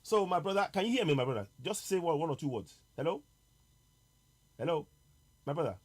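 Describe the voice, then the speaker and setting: A male host, running a live political talk broadcast and stressing his key points by repeating them slowly. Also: on the high side, sing-song, poor audio.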